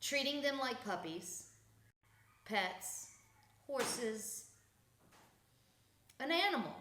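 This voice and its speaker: A woman's voice: sits high, big pitch swings, very slow, echoey room, noisy background. A woman hosting a casual spiritual podcast, blunt and profane, laughing often as she talks. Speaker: podcast host.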